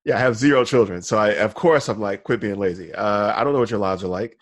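A man's voice: on the low side, fast talker, dry recording. A man co-hosting a podcast in casual chat, rambling loosely with restarts and laughing often. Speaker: podcast co-host.

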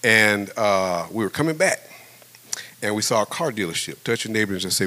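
A middle-aged male pastor in the pulpit, talking to his congregation like old friends. His delivery is loose and animated, with sudden jumps up in pitch as he acts out the story, and he laughs often. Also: brisk. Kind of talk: storytelling sermon.

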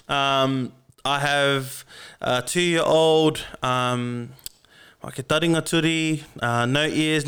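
A man's voice: on the high side, fairly bright tone, clean tone. A man in his twenties with an Australian accent, hosting a casual podcast in a laid-back, joking way, full of ums and the odd swear word. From Melbourne, Australia. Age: 20s. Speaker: podcast host. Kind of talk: casual chat. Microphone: podcast microphone through a mixing console.

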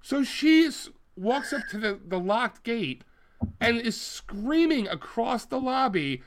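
A man's voice: very high voice, slow pace. A man co-hosting a podcast, telling stories in a casual comedic chat and swearing freely. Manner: animated storyteller, mimics people loudly. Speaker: podcast co-host.

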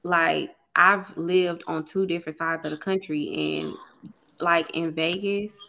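A young woman talks in a relaxed, casual way, cursing freely and laughing often. Her voice sits a little low for a woman. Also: unhurried, vocal fry. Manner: laid-back, profane, laughs often. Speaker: podcast co-host. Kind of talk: casual chat.

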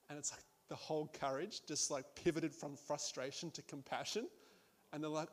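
A man's voice: on the high side, steady tone, moderate pace. A man preaching a sermon in a conversational way, with laughing asides and frequent restarts.

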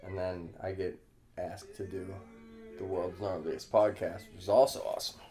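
A man's voice: low voice, little pitch movement, normal speed, warm tone, faint music behind. A man in his thirties, a podcast guest, chatting casually in a laid-back way, swearing and laughing often. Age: 30s. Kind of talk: casual chat.

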